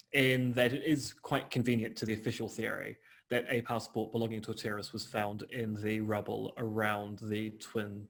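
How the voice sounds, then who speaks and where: A man co-hosting a podcast in casual chat, measured and quick to correct details. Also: lowish voice, creaky. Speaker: podcast co-host.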